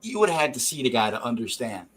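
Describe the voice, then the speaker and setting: A man's voice: medium pitch, fast, low-quality recording. A man hosting a drawing stream, telling a rambling story with casual swearing. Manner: rambling, profane, animated. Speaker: stream host.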